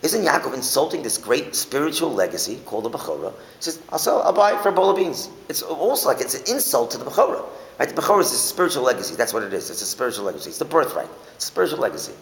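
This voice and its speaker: A man giving a Torah class, animated, asking rhetorical questions and restating his points to the room. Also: mid-range voice, very fast, vocal fry. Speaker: Torah teacher. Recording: echoey hall with faint hiss.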